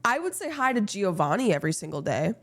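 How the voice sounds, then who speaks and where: A woman's voice: medium pitch, sing-song, fast, a bit bright. A woman streamer chatting casually with her viewers, blunt and playful, swearing freely.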